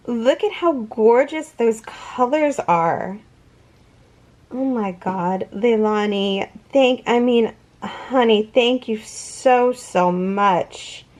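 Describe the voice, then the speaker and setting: A woman's voice: a little high, a little mellow. A woman in her thirties hosting a casual unboxing vlog, gushing with emotional thanks and often breaking off to restart her sentences. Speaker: crochet channel host.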